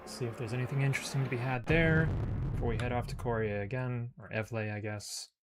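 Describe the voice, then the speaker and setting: A man's voice: medium pitch, fairly even intonation, fast, background noise. Man casually narrating his gameplay. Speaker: let's play host. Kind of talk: casual gameplay commentary and reading game text aloud.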